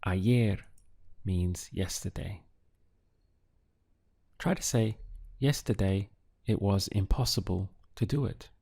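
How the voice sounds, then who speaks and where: A man whose first language is Spanish, giving a slow audio language lesson and drilling phrases with patient pauses. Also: deep voice, creaky, mellow, breathy edge. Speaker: Spanish tutor.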